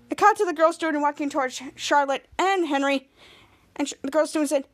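High-voiced woman recapping an episode. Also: fast. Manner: rambling, with frequent restarts. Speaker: podcast host.

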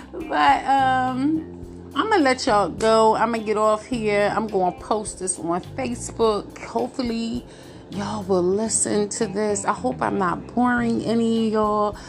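A woman hosting a relationships podcast, talking casually and laughing, then turning to earnest encouragement. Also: medium pitch. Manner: chatty, laughs often, preachy encouragement. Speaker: podcast host. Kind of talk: casual late-night monologue.

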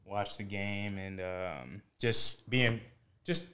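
A man co-hosting a podcast, giving a relaxed recap full of fillers in casual chat. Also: lowish voice, slow pace, a little hiss or hum. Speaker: podcast co-host.

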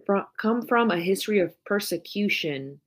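The voice belongs to a woman co-hosting a podcast, medium in pitch and moderate in pace. Her talk is casual chat full of animated stories and free swearing.

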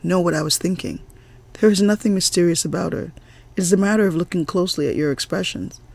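A man voicing a calm, knowing woman guide, patient as she explains things in a storybook reading. The voice has a gravelly, husky edge and sits somewhat high. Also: fast talker.

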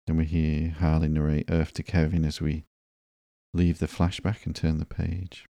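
A man hosting a podcast, reading a comic book aloud slowly and softly in a sleepy, monotone narration. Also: rumbling low, gravelly, no echo, studio quality. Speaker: podcast host.

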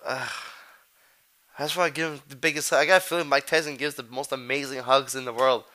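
A man's voice: medium pitch, level tone, fast, sharp tone. A man hosting a podcast, talking in loose, profane street slang and rambling from one thought to the next. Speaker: podcast host. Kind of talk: casual chat.

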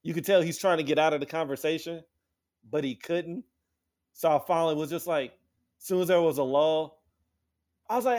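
A man with a slightly high voice tells a story in loose, profane podcast chat. He acts out other people's lines, jumping up into a much higher voice for the quotes. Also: brisk, long pauses. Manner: animated, acts out quotes with sudden high-pitched voices, swears freely.

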